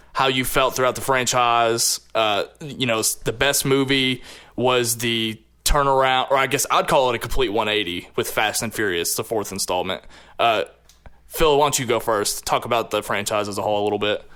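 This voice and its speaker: A man's voice: medium pitch, a bit bright, clean tone. Laughing male podcast host. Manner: laughs often, quick asides. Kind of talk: casual chat.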